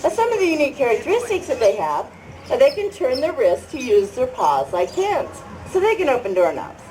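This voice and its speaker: A woman's voice: high voice, very animated, fairly quick, dark tone. A woman presenting a live animal show to a fair audience, chatty and leading the crowd in cheers, recorded on a noisy outdoor fairground.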